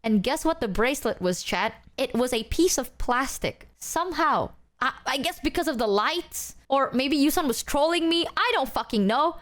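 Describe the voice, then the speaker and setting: Chatty streamer woman, higher voice. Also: animated, moderate pace, few pauses, a bit bright. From Southeast Asia. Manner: chatty, fillers of "like", acts out quotes. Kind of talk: casual storytelling to chat.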